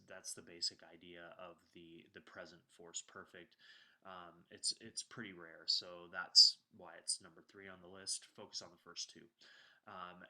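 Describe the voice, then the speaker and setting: A man teaching a recorded grammar lecture, explaining in a relaxed way with frequent ums and uhs and uneven loudness as he stresses words. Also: low-pitched. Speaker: instructor.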